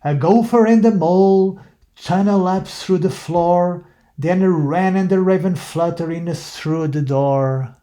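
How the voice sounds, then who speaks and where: A man reads a rhyming picture book aloud at a very slow, sing-song pace. His voice sits a little high but sounds soft and mellow. Each line falls into a gentle rhythm. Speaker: reader.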